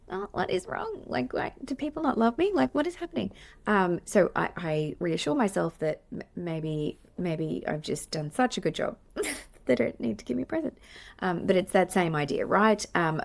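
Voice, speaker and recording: A middle-aged Australian woman talks through a teaching point on her podcast. Her voice sits low with a gravelly fry, and she rambles warmly through fillers and restarts, laughing at herself. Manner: chatty, self-deprecating, many fillers and restarts. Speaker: play therapist and podcast host. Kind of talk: casual teaching monologue.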